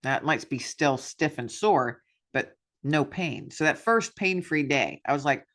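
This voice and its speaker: Brief: woman podcast host, candid self-deprecating monologue, bright forward tone. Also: low voice, expressive, unhurried. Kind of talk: personal reflection monologue.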